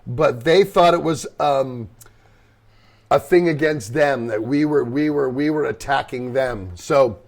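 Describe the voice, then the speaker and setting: Gravelly man hosting a casual chat. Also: medium pitch, a little slow. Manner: blunt, profane, jumps in with interjections. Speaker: podcast host and band member.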